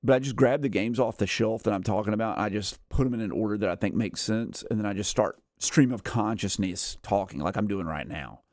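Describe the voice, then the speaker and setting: On a game livestream, a man in his thirties talks a little fast with few pauses, rambling casually and saying "like" and "uh" a lot between frequent chuckles. He's a gaming streamer with a lowish, slightly mellow voice, heard in a dry, clean studio recording.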